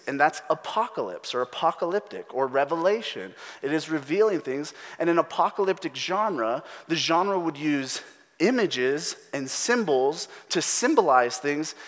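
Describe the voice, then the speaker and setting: Male pastor, slightly high voice, animated storyteller, sermon recorded with long hall reverb.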